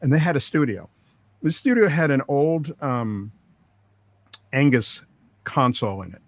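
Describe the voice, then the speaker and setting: Brief: middle-aged male producer, anecdotal, dry mic, mid-pitched. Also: lively intonation, a little slow, dry recording. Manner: rambling anecdotes with quoted dialogue and laughs. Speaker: record producer, interview guest. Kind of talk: storytelling interview.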